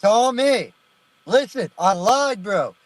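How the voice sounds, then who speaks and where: A man's voice: sits high, lively intonation, takes it slowly, dry recording, poor audio. A man joining a casual panel chat, loose and swearing freely.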